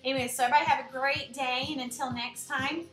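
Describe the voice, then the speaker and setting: Animated, blunt woman ranting in an echoey room. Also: sits high, quick pace, faint music behind. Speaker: vlogger. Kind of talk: casual rant to camera.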